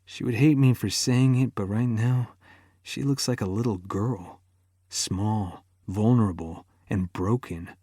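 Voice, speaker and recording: Male audiobook narrator, slow and unhurried, intimate and emotive, dry close sound. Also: lowish voice, dark tone, breathy edge, no echo. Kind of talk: first-person romance narration.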